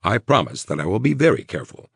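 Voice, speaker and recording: A man's voice: lowish voice, very animated, quick pace, vocal fry, slightly rough, dry recording, clean studio sound, voice pushed up, exaggerated voice. A man voicing a laid-back, teasing former cop with a wry, easygoing delivery. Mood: joking.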